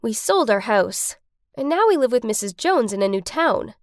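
A woman's voice: on the high side, very animated, moderate pace, dry recording, clean studio sound. A young woman narrating a story in the first person, with an emotional telling.

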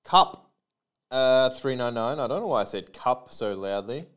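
A man's voice: mid-range voice, lively intonation, fairly quick. A man hosting a live trading card break, calling out player names and serial numbers with chatty asides to his viewers.

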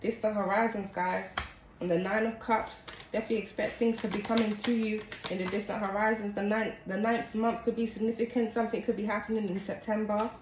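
A woman's voice: medium pitch, brisk. Chatty woman reading tarot, echoey room. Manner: chatty, keeps calling out to viewers as guys. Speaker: tarot card reader. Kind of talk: casual tarot reading to camera. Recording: echoey room with steady background noise.

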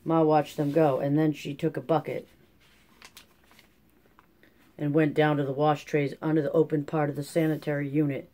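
A mellow, darker-toned narrator reads a classic novel in steady scripted narration. The delivery is measured and even, with a relaxed tone. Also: mid-range voice. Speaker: audiobook narrator.

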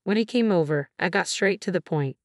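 A woman narrating a first-person drama story in an even, steady reading voice. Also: lowish voice, brisk, no room sound, clean studio sound.

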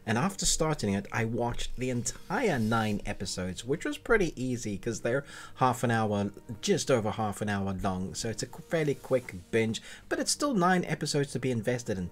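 A man giving a casual, enthusiastic spoken review of a TV series, rambling a little and restarting his sentences. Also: fairly low pitch.

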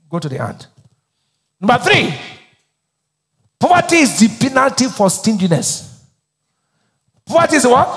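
Animated Nigerian preacher man, high voice. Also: long reverb tail. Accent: Nigerian English. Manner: call-and-response preaching, asks the crowd to finish his sentences. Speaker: pastor. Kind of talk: sermon.

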